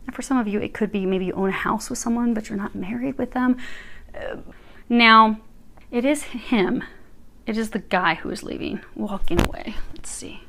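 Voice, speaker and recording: A woman's voice: normal speed, creaky, noisy background. Chatty woman giving a tarot reading. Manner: chatty, emphatic, lively swings in pitch. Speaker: tarot reader. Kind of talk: casual tarot reading to camera.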